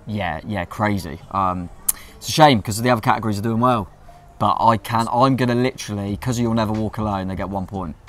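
Man, low voice, rapid talk, casual chat, enthusiastic co-host. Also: a bit bright. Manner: rapid, restarts a lot, enthusiastic. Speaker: fan channel co-host.

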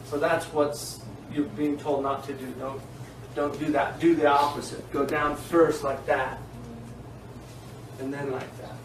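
A man teaching Islamic law in an informal classroom lecture, animated and digressive, often laughing. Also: on the high side, unhurried. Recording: echoey room, distant mic, faint hiss.

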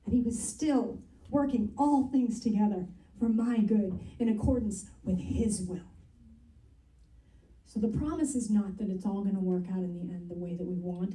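A woman pastor gives a sermon in a church sanctuary, earnest and conversational as she reads and explains scripture. Her voice is mid-range and mellow, captured from a distance with a roomy sound.

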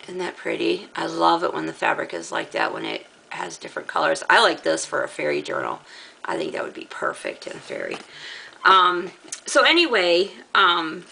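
A middle-aged woman with a gravelly voice, casually chatting as she shows off fabric from a craft haul, rambling and laughing often. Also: low-pitched, very animated, normal speed, bright, forceful tone, slight background noise, rough recording. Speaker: crafting channel host. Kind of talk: casual haul show-and-tell.

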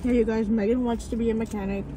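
A teenage girl chats through an eating vlog in a slangy, casual way. Her voice sits a little high, and she talks around her food. Faint car and outdoor noise hums behind her. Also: fairly even intonation, quick pace. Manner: chatty, slangy, talks with mouth full. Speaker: vlog host. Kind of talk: casual mukbang chat.

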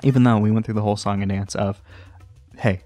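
A man hosting a let's play, rambling and joking at himself, often jumping into a high sing-song voice. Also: steady tone, fast, dark tone, faint music behind. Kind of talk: casual gameplay commentary. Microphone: desk microphone.

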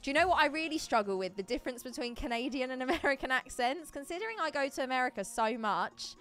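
A woman's voice: sits high, expressive, a little fast, pushed and bright, soft background music. A woman chatting casually on a live stream, giggling as she opens card packs and answers viewers.

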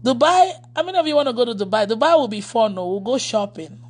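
A woman's voice: a little high, animated, fast, a little mellow. Chatty woman pastor talking to followers. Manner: chatty, laughs often, reads out viewer comments. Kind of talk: casual livestream chat with followers.

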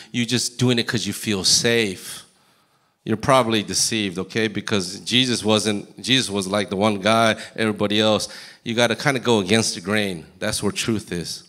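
A man preaching a sermon as pastor in a church, animated and acting out scripture in voices. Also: fairly low pitch, normal speed. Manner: animated, acts out Bible quotes in character voices. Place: church sanctuary.

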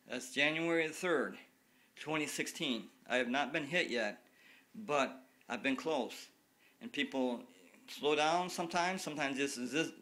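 A man's voice: medium pitch, sharp tone. A man in his late fifties ranting to a phone camera, angry and repetitive, swearing freely. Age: 50s. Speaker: cyclist vlogger. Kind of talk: casual rant to camera.

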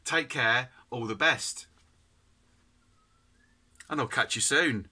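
A man's voice: mid-range voice, takes it slowly, pauses often, bright, forceful tone. A man, chatting casually to camera as a food reviewer, giggly and rambling with lots of "anyway". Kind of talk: casual chat.

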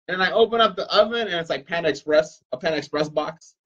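A man's voice: high-pitched, fast talker, few pauses, pushed and bright, dull audio. A man hosting a casual livestream, joking with viewers and swearing freely. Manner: joking, profane, talks straight to viewers. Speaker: livestream host and parent.

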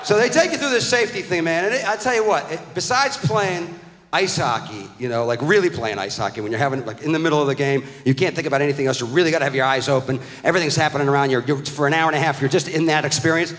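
A middle-aged man doing a stand-up comedy routine, telling a story with profane, animated outbursts. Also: fairly high pitch, quick pace. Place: live comedy venue with audience. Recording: echoey live hall recording.

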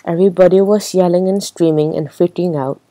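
A woman's voice: on the low side, steady tone, brisk, mellow, no echo, low-quality recording. A woman reading a children's book aloud, storytelling with light character voices. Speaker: reader.

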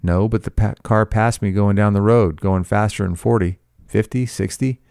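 A man's voice: lowish voice, fairly even intonation, moderate pace, vocal fry, a little mellow, smooth, no room sound, studio quality. A man voicing an urgent accident witness.

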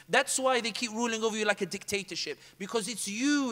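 A man telling a story to a room in a fast, emphatic way, slipping Arabic phrases into his speech. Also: high-pitched, fairly bright tone, in a large hall. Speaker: public speaker. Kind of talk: animated storytelling talk.

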